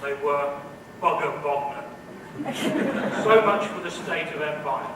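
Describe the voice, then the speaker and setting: A man's voice: fairly high pitch, moderate pace. Witty man speaking in a cavernous hall. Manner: dry, witty delivery of jokes and quotes. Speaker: commencement speaker, professor. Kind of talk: humorous commencement address. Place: large indoor hall. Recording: echoey hall, distant mic, noisy.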